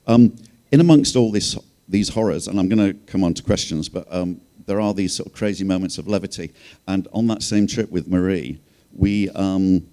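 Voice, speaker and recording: A man with a notably deep, low-pitched voice talks on a panel stage. He tells his stories in a wry, rambling way, padded with fillers and asides. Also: moderate pace, few pauses, dark tone. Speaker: journalist and panel speaker. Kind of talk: panel talk, storytelling.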